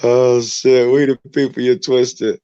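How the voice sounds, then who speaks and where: A man on a livestream reacting to jokes with a slow, amused drawl. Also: mid-range voice, flat delivery, mellow, smooth, no echo, muffled recording. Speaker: livestream guest, listener.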